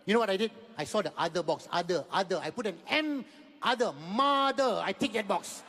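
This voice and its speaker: A man's voice: high-pitched, animated, fast talker, fairly bright tone. A Malaysian man in his fifties with a Malaysian English accent, telling a stand-up comedy story, mixing in Malay words and repeating phrases for effect. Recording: long hall reverb.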